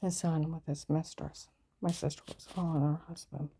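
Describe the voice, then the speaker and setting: A woman tells a rambling personal story in a low, gravelly, husky voice. Her tone stays dark and flat as she presses her grievances with insistence. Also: normal speed. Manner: aggrieved, insistent retelling.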